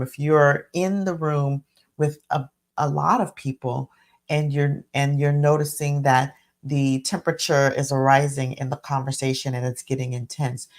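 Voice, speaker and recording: Low gravelly-voiced woman host. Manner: reflective, self-correcting, many restarts. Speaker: coach and podcast host. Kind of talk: live solo talk.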